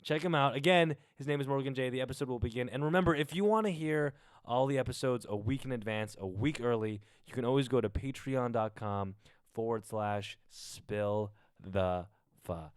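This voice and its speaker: A male podcast host giving an energetic, playful solo intro from his home garage. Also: medium pitch, normal speed, clean tone, no room sound, studio quality. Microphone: studio microphone through a mixer.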